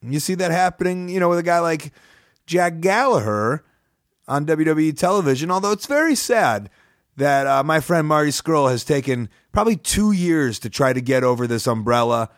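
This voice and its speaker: A man's voice: on the high side, expressive, normal speed, no room sound, clean studio sound. A man hosting his own podcast in a casual, rambling monologue, speaking from his apartment while sick with a cold. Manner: chatty, rambling, upbeat plugs. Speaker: podcast host. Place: studio apartment.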